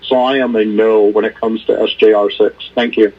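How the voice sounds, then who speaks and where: A man's voice: on the low side, level tone, normal speed. A man calling in to testify at a hearing, speaking earnestly and firmly with some stumbling restarts. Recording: muffled phone line.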